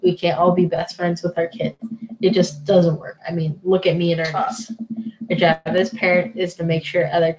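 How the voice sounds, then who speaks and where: Woman gamer reading lines and joking, lowish voice, faint hiss. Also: flat delivery, moderate pace, darkish tone, poor audio. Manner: jokey, laughs at herself. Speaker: gamer playing a dad dating sim. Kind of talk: casual let's play commentary.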